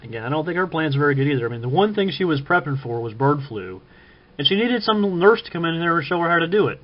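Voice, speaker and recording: Halting casual man from Kansas, lo-fi. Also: fairly high pitch, sing-song. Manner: halting, frequent ums and uhs, self-correcting. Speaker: vlogger ranking TV preppers. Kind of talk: casual spoken commentary.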